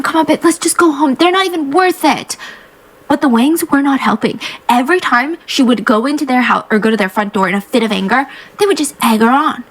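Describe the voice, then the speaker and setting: A woman hosting a true crime podcast, telling the case in an animated, conversational way with quick asides. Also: a little high, poor audio.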